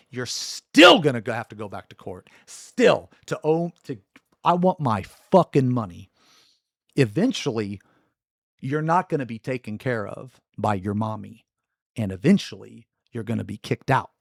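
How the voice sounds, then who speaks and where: A male streamer rants live from his home setup, furious and profane, circling back to the same vows again and again. His voice sits at an ordinary middle pitch. The sound is close and dry, with no room echo. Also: creaky. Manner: angry, profane, emphatic repetition. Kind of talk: livestream rant.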